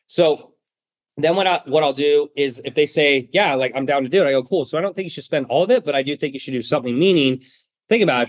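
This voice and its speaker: Blunt, emphatic male sales coach. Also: fairly high pitch. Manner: blunt, emphatic, acts out customer dialogue. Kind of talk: sales training talk.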